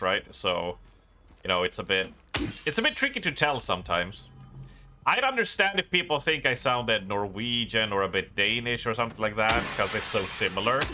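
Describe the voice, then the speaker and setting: A man with a Swedish accent, a gaming streamer chatting casually on stream in a rambling, self-deprecating way with halting restarts. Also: fairly low pitch, bright, forceful tone, slight background noise. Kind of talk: casual live-stream chat.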